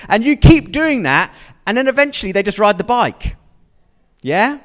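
Speaking at a moderate pace, the preacher has a high-pitched, sing-song voice with a fairly bright tone. His sermon is chatty, full of questions for the congregation and frequent check-ins with them. It's recorded in a church hall that rings with long reverb.

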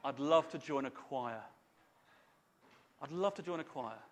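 A man with a high, light voice, delivering a sermon in a church. He talks in an animated, conversational way and turns to put questions to the people in front of him. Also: a little slow. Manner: animated, chatty, asks the congregation questions. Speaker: preacher.

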